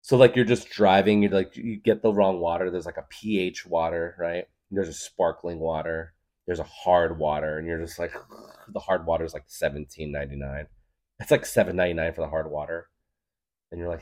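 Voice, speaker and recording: A man's voice: low voice, fairly even intonation, fairly quick, a little mellow. A young man hosting a podcast, rambling through a loose, jokey comedic monologue and laughing often. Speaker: podcast host.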